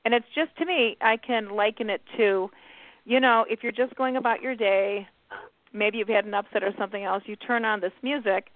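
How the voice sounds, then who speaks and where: A woman's voice: mid-range voice, steady tone, moderate pace, no echo. A woman hosting a talk radio show, chatting in a casual, conversational way with many fillers. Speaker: host. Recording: thin phone line, dry.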